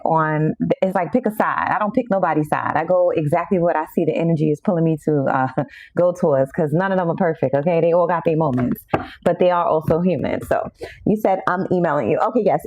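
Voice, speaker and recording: A woman's voice: fairly low pitch, brisk, a little mellow. Chatty New woman on a livestream. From New York. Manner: chatty, greets viewers constantly, says y'all a lot. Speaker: tarot reader hosting a livestream. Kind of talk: casual livestream chat.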